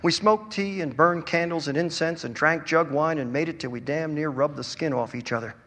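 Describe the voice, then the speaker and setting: A man's voice: a little high, moderate pace. Man reading fiction in a reverberant hall. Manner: wry, expressive storytelling. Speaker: author reading his story. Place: event hall.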